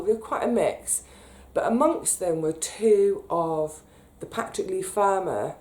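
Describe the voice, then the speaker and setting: A British woman telling a personal story in a chatty, animated way, getting emotional as she recalls it. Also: fairly low pitch. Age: 30s. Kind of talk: casual storytelling monologue.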